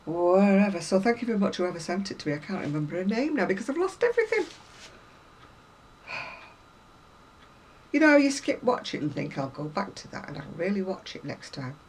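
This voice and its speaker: A woman's voice: medium pitch, very animated, brisk, pauses often, a little mellow, slight background noise, rough recording. A woman chatting casually to viewers about craft magazines, rambling and self-deprecating, a little unwell. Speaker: craft vlogger.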